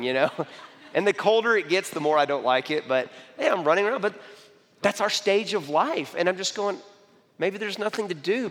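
A man giving a sermon-style talk with personal stories, animated, often asking "okay?" and restarting his sentences. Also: a little high, big-room sound. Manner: animated, repeats "okay?" and "I mean", frequent restarts.

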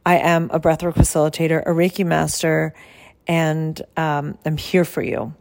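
A woman health coach who explains her service in a soft, calm and soothing way and guides slow breathing. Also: low voice, gravelly.

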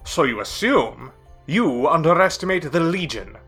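A man's voice: a little high, lively intonation, measured pace, fairly bright tone, breathy edge, soft background music, full character voice. A male narrator voicing a proud, sarcastic male legion officer.

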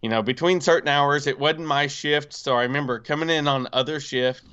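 A man casually telling a personal story on a podcast, animated, with many fillers and acted-out quotes. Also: fairly high pitch, fairly quick, clean tone, dull audio. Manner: animated, acts out quoted voices, frequent fillers.

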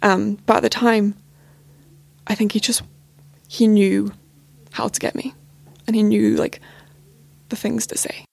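A woman's voice: medium pitch, fairly even intonation, measured pace, creaky, a little mellow. A young woman telling a personal story as a podcast guest, casual and full of filler words.

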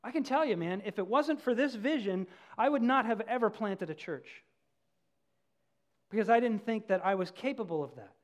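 A male pastor giving a passionate sermon that swings from emphatic, raised declarations to quiet, intimate moments. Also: high-pitched, expressive, moderate pace. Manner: passionate, repeats himself in emphatic lists, then drops to quiet and intimate.

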